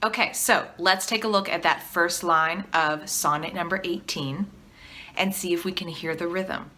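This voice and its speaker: Her voice lowish and bright with a forceful tone, a woman teaching artist delivers an educational video at normal speed. She asks the viewer questions, encourages them, and leads call-and-response.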